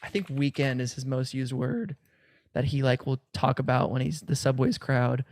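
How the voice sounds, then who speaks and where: A man's voice: mid-range voice, moderate pace, a little mellow, a little hiss or hum. A young man hosting a comedy podcast, chatting casually and saying dude a lot. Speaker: podcast host.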